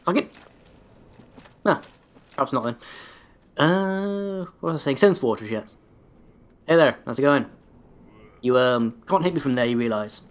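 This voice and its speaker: Nursing a sore throat, a man holds back his mid-range voice but stays expressive, speaking at a moderate pace and pausing often. His casual gameplay commentary rambles, turns sarcastic, and includes frequent swearing.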